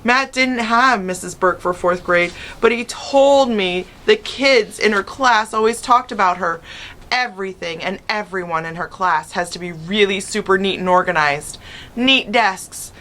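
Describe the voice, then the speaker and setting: A woman teacher reading a children's chapter book aloud with expressive first-person narration. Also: medium pitch, a little slow. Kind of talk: storybook read-aloud.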